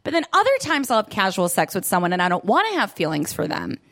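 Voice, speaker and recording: A woman's voice: mid-range voice, wildly swooping pitch, fast talker, a bit bright. A young woman doing a stand-up set in a club, self-deprecating and giggly, laughing through her lines. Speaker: stand-up comedian. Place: comedy club in Brooklyn. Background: audience laughter.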